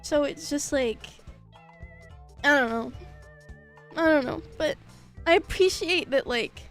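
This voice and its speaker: Tearful high-voiced young woman streamer. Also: animated, a bit bright, faint music behind. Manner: halting, many fillers, swears, teary laughs. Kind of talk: emotional livestream chat.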